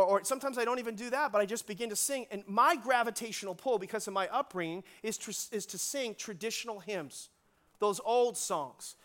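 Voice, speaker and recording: High-voiced animated male pastor. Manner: animated storytelling, laughs often. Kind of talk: sermon.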